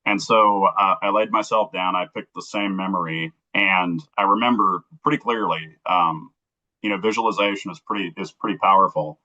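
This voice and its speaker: A man from Kansas City telling an emotional personal story as a guest, earnest and halting, acting out the dialogue he quotes. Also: deep voice, fairly even intonation, sharp tone. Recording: dull lo-fi recording.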